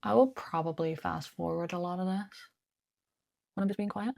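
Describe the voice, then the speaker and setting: Relaxed chatty woman, dry close sound. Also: lowish voice, normal speed, gravelly, no room sound. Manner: relaxed, muttering asides to herself while working. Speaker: beauty vlogger. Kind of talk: chatty get-ready-with-me talk. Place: at home.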